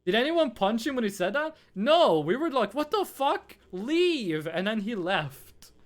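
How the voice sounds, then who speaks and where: Animated, rambling streamer. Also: medium pitch, moderate pace. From Norway. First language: Norwegian. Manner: rambling, profane storytelling. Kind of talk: casual chat while gaming.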